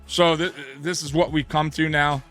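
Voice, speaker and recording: A man's voice: fairly high pitch, level tone, moderate pace, fairly bright tone, soft background music. A man hosting a sports talk show, ranting in a heated, profane way and often restarting his sentences. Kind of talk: sports commentary rant.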